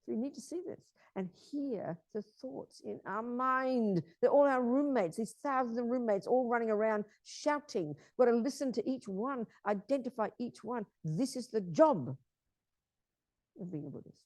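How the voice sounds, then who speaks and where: A woman's voice: a little high, animated, normal speed, darkish tone, dry recording. Emphatic woman giving a Buddhist teaching. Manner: emphatic, repeats key phrases, checks understanding with questions.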